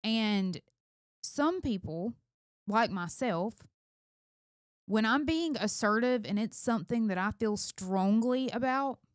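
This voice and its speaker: A middle-aged woman co-hosts a casual conversation and speaks in an emphatic, candid, self-reflective way. Her voice is smooth and resonant, and the recording is dry with no room sound. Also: a little high, lively intonation, slow pace, no room sound. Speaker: co-host, mother of two. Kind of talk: casual chat.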